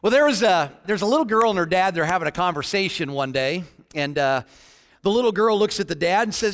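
A man delivers a sermon in a high, light voice. He moves from playful jokes to sober, earnest statistics. His words ring out with a long reverb off the walls of the church hall. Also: expressive, a little fast, fairly bright tone. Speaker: pastor.

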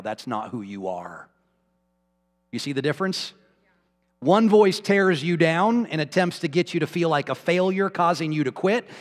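A man preaching a sermon as pastor, emphatic and self-deprecating with bits of humor. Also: a little high. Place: church sanctuary. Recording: long reverb in a hall.

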